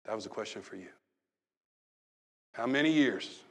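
A pastor preaching a sermon, moving from loud acted-out calls to soft, hushed talk. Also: male voice, lowish voice, lively intonation, normal speed, husky, big-room sound.

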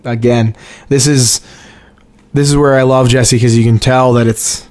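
A man's voice: mid-range voice, steady tone, measured pace, a little mellow. A man co-hosting a podcast, laid-back and swearing freely as he chimes in on a TV recap. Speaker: podcast co-host. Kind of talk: casual chat.

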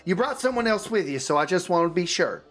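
A man's voice: high voice, animated, quick pace, fairly bright tone, voice pushed up. A man voicing an armored red tiefling woman who runs a temple, folksy and easygoing, calling people hun and y'all. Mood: friendly.

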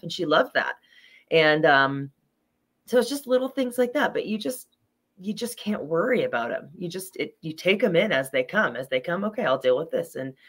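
Earnest storytelling woman guest. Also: deep voice. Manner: earnest, storytelling, acts out quotes. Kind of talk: casual interview chat.

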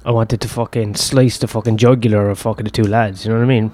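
A man's voice: lowish voice, level tone, quick pace, darkish tone. A man, telling a long personal story in a rambling, profane, self-deprecating way. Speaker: host.

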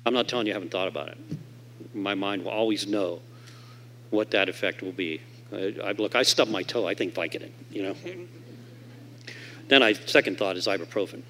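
A man's voice: brisk, long pauses, a little hiss or hum. A man speaking at a convention stage mic, telling his recovery story to the audience and acting out the voices of the people in it. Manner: animated storyteller who acts out quoted voices; swings from loud and emphatic to low and quiet.

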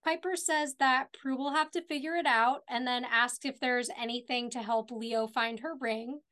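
A woman's voice: fairly high pitch, steady tone, moderate pace, pushed and bright. A woman co-hosting a podcast, casually retelling TV scenes step by step. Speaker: podcast co-host. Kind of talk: casual recap chat.

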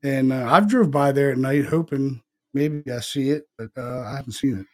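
A man's voice: mid-range voice, normal speed. A middle-aged man co-hosting a podcast, telling a rambling ghost story in casual chat and acting out the dialogue. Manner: rambling, profane, retells dialogue in quotes. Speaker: podcast co-host.

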